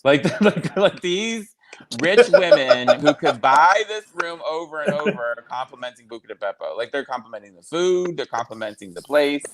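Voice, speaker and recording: A man's voice: on the high side, expressive, a crowd in the background. Chatty man hosting a gossip podcast. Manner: chatty, jokey, quick asides. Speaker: podcast host. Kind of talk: casual chat.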